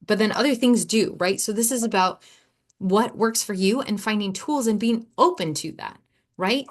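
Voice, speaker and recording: A woman's voice: mid-range voice, normal speed. A woman hosting her own podcast as an ADHD coach. She talks in a loose, rambling way, breaks off mid-sentence, repeats words and laughs easily. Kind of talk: casual solo podcast monologue.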